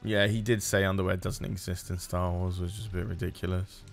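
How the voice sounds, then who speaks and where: A man's voice: low voice, little pitch movement, fairly quick, creaky, soft background music. A man streaming a video game, giving casual commentary as he plays, muttering to himself and swearing at the game.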